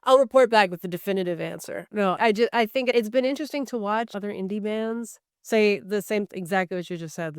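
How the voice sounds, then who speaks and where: Middle-aged woman podcast guest, articulate and reflective, smooth resonant voice, dry close mic. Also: mid-range voice, a little fast, no room sound. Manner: thoughtful, articulate, laughs easily. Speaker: guest, recording artist. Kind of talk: podcast interview conversation.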